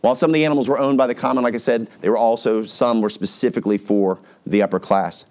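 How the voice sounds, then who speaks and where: A man's voice: medium pitch, fast. A man with an American accent, a pastor, teaching a sermon in a conversational way and putting on little voices for examples. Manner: conversational, animated, puts on voices for everyday examples.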